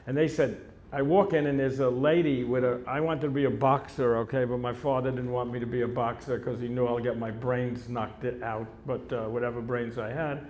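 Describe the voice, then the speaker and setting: A man's voice: medium pitch, little pitch movement, a little fast, few pauses, darkish tone, a little hiss or hum. Blunt man telling stories, echoey room. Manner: blunt, profane storytelling. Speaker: interview guest. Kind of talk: onstage conversation. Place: live event before an audience.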